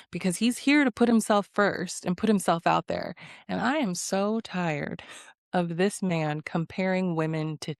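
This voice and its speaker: Brief: young woman recap host, sassy and blunt, lowish smooth voice, dry close sound. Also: no room sound. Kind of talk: casual episode recap commentary.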